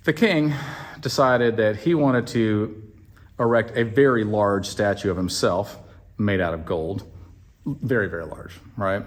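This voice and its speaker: A man casually retelling a Bible story as a comedy bit, animated and full of joking asides to the listener. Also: lowish voice.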